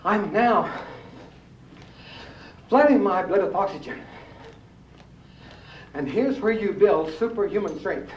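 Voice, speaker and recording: A high-voiced man leads a live exercise demonstration, coaxing his audience along and quizzing them. He sounds far from the mic in an echoey room, on a dull, muffled old recording with faint noise underneath. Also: animated, slow pace, long pauses. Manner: folksy, coaxing, asks the audience true or false. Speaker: rebounding exercise instructor.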